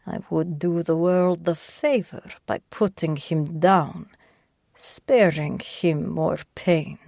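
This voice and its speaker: A woman voicing a menacing old Russian crime boss, with a thick Russian accent, drawling slowly and condescendingly in an audiobook. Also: lowish voice, vocal fry, mellow, no room sound, studio quality, full character voice. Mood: grim.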